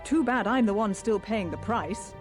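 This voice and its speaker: An actress plays a wary young woman in hiding, with a British accent and a guarded, clipped delivery. Her pitch rises and falls in a lively way. It sounds like video game dialogue. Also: moderate pace, faint music behind, close to an everyday voice.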